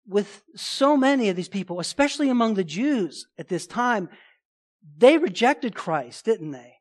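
A man preaching a sermon as pastor, emphatic, with rhetorical questions and casual asides. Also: high voice.

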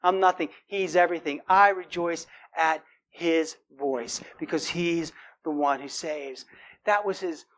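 A man's voice: fairly high pitch, a bit bright. Male preacher, casual sermon delivery, frequent "right?", earnest when quoting scripture. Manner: conversational, keeps asking "right?".

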